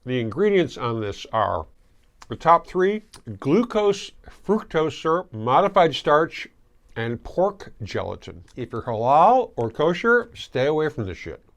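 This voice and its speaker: A man's voice: a little high, sing-song, unhurried, fairly bright tone. Chatty man chewing candy while he talks. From Michigan. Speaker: host. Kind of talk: casual candy tasting review.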